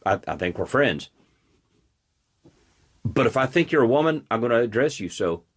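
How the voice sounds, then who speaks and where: A man's voice: mid-range voice, big pitch swings, moderate pace. A man hosting his own show, giving a blunt, combative political commentary monologue. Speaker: host.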